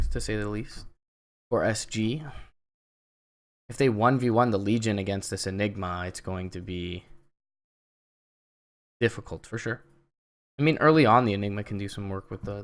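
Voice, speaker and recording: A young man with a Canadian accent giving solo esports play-by-play commentary, chatty and relaxed with lots of fillers. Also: lowish voice. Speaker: esports caster.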